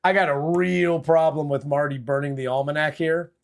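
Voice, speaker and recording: Man, podcast host, slightly high voice, casual and profane. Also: moderate pace, vocal fry. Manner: profane, animated retelling with acted quotes. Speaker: movie review podcast host. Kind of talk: casual chat.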